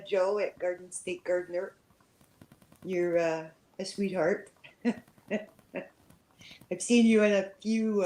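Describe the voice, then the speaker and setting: Slow, low-voiced hesitant Canadian woman. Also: warm tone, low-quality recording. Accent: slight French-Canadian. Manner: hesitant, filler-heavy, nervous and grateful. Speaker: channel host on her first livestream. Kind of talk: casual live-stream chat.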